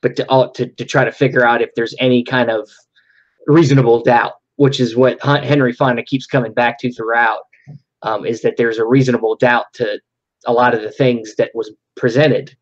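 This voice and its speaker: A man's voice: medium pitch, steady tone, moderate pace. Guy rambling about a movie, lots of um and you know, kinda muffled lo-fi audio. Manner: rambling, many restarts and fillers. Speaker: podcast co-host. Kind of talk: casual film discussion.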